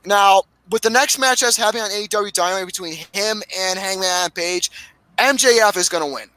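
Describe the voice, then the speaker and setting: A man hosting a casual podcast, recapping wrestling matches with lots of swearing and excitement. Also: high voice, brisk, no echo, rough recording. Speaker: podcast host.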